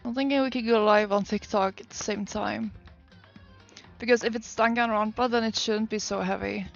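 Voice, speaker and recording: Chatty Swedish woman with a gravelly edge. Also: mid-range voice, fairly even intonation, moderate pace, highs cut off, soft background music. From Sweden. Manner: chatty, self-deprecating, exclaims often. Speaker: streamer. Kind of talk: casual live-stream chat. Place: home room at her desk.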